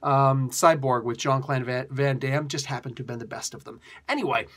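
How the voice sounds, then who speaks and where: Laughing frequently, a man rambles excitedly through a casual comic book review for his channel. He speaks briskly at a medium pitch.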